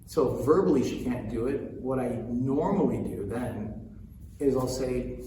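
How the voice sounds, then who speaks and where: A man's voice: medium pitch, measured pace, warm tone, slight background noise. Man, parenting coach, casual talk, earnest, repeats himself, faint background ambience, echoey. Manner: earnest, repeats points, addresses listeners directly. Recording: very echoey room, distant mic, faint ambience.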